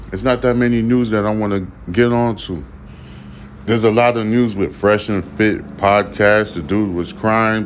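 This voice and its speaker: A man hosting a podcast, giving blunt, profane commentary full of fillers and repeats. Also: low-pitched. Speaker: podcast host. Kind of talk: casual commentary.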